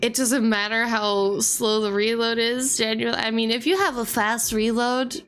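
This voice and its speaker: Chatty girl streamer reacting to a video, high bright voice, slow and bouncy. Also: steady tone, background noise. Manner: chatty, giggly. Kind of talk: casual reaction commentary.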